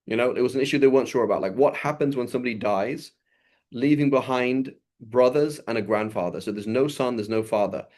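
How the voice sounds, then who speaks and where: This man talks briskly in a darkish, mid-range voice while teaching an informal religious lesson. His loose, chatty delivery keeps turning to the listeners with "right?", and he recites Arabic passages with fluency.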